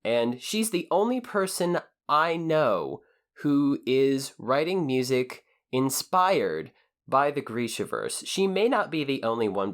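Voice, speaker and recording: A man co-hosting a podcast in casual chat, with a voice of ordinary middle pitch. He speaks in an earnest, measured way and introduces each segment and listener shout-out with steady care. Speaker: podcast co-host.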